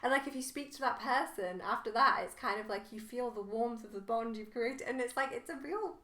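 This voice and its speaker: Giggly woman, fairly high voice. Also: a little fast, few pauses. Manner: animated, giggly, trails into quieter asides. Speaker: podcast co-host. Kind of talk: casual chat. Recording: roomy echo.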